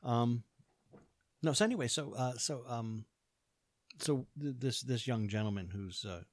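A man's voice: mid-range voice, measured pace, no room sound. An American man chatting casually, telling stories and laughing often. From United States. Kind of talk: casual chat.

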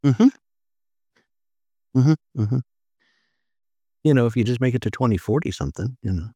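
A man hosting a casual chat, asking quick teasing questions. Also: medium pitch, animated, dark tone, breathy edge, no echo.

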